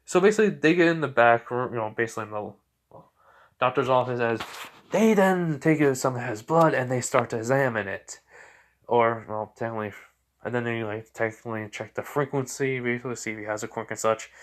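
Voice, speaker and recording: A man's voice: mid-range voice, fairly quick. A man improvising a fan-fiction story in a casual, rambling way, full of fillers.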